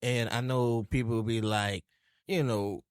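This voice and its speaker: A podcast co-host from southeast Louisiana, chatting casually and telling animated, profane stories. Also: medium pitch, measured pace, smooth, no echo, clean studio sound. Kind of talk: casual chat.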